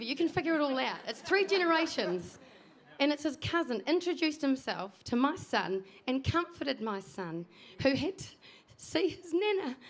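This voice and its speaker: A middle-aged woman with a slightly raised pitch hosts a family memorial in a church. She rambles through family connections in a chatty, informal way, laughing between her asides. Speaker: family member hosting the memorial.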